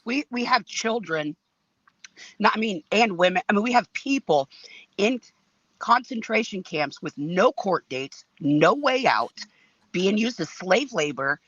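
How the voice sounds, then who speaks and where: A male co-host with a fairly high, bright, tense voice and a blunt, emphatic way of speaking. His sound is dry and a little dull, like a lower-quality mic. He talks casually and cuts straight to his point. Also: animated, unhurried, dry recording. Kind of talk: casual political chat.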